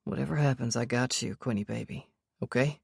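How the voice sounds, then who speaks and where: A woman voicing a gruff, protective young man who chases storms, speaking low and close in an audiobook. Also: a little fast, darkish tone, no echo, exaggerated voice. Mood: urgent tender. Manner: low growling tone, tender under strain.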